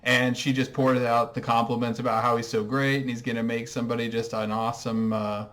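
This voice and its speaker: Male host, dry and sarcastic, mid-pitched voice, comedic show recap. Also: little pitch movement, a little fast, a bit bright.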